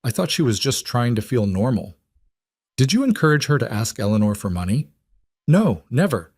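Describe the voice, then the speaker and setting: A man's voice: mid-range voice, big pitch swings, moderate pace, a little mellow, breathy edge, no room sound, studio quality. A man reading as a weak, pleading grown son. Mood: defensive. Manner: pleading, apologetic.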